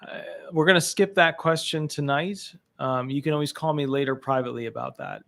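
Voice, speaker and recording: A man's voice: fairly high pitch, fairly quick, gravelly, fairly bright tone. A man hosting a live call-in legal advice show, chatty and upbeat, with lots of fillers.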